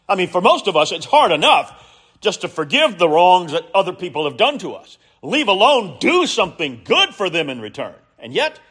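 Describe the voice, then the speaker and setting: A man preaching a sermon, speaking earnestly and telling stories in a measured way with emphatic rises. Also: fairly high pitch, a bit bright.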